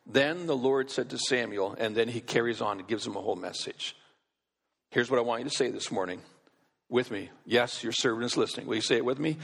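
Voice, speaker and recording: Man, pastor, sermon, emphatic, asks the crowd questions, raspy, long hall reverb. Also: mid-range voice, a little fast. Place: large church sanctuary.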